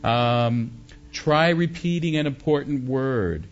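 A man leads a songwriting workshop, talking through ideas in a mid-pitched voice and breaking into short sung examples. The recording is dull and lo-fi, with guitar playing clearly behind him. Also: slow pace. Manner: explains, then sings short melody examples.

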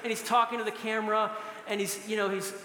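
A middle-aged man preaches to a congregation in a large hall. His voice is high and bright, and a long, roomy reverb trails after each phrase. He moves between solemn teaching and playful storytelling. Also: flat delivery, fast, a little hiss or hum. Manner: storytelling with bursts of laughter. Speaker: pastor. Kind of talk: sermon.

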